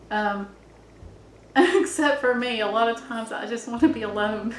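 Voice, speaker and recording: A woman's voice: fairly high pitch, steady tone, unhurried, slight background noise. Musing middle-aged woman in an echoey room. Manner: meandering, musing, often restarts and trails off. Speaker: vlogger. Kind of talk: rambling reflective monologue.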